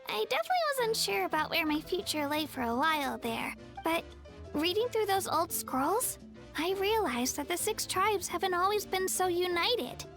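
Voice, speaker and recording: A woman voicing a sweet, earnest young girl in a game who bakes cakes for her friends, speaking gently and hopefully. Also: very high voice, big pitch swings, normal speed, exaggerated voice. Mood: sincere. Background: soft game music.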